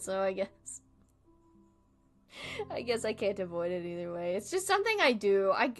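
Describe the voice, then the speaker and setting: A woman's voice: on the high side, a bit bright. A young woman streaming and chatting casually, rambling from thought to thought, laughing often and swearing freely.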